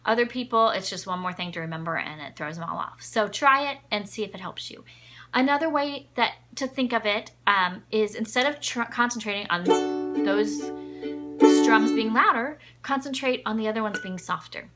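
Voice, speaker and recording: A woman's voice: on the high side, lively intonation, normal speed, bright, forceful tone, faint music behind. Patient woman teaching ukulele. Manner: patient, counts beats aloud. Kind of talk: music lesson. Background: ukulele playing.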